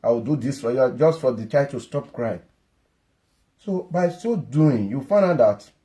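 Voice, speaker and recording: A man's voice: fairly high pitch, dark tone. A man giving an earnest, lecturing parenting-advice monologue that often repeats its points.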